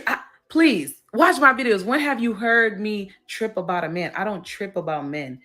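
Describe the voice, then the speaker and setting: A woman's voice: on the low side, fairly bright tone. Sassy, blunt woman in a casual clip, talks straight. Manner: blunt, sassy, laughing, swears. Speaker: care worker in a clip. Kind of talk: casual rant video.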